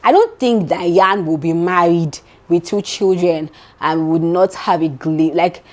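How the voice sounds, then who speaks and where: In a lowish voice at a measured pace, a young Nigerian-accented vlogger dishes gossip casually, chatty and animated. She speaks straight to her audience, calling them "my darling".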